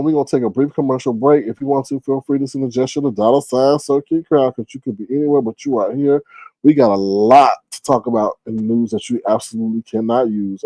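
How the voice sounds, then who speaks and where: A man hosting a casual livestream, telling stories in a gossipy, profane way with big jumps in pitch. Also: dark tone, no room sound. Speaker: livestream host. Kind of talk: casual livestream chat and storytelling.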